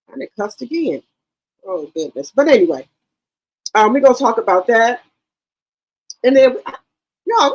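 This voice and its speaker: A woman's voice: mid-range voice, a little mellow, poor audio. A woman hosting a casual livestream, chatting brashly with her viewers and swearing freely. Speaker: livestream commentary host.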